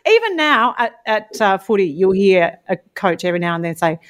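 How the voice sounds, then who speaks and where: Chatty Australian woman, animated storyteller. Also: mid-range voice, moderate pace. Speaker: guest. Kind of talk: casual chat.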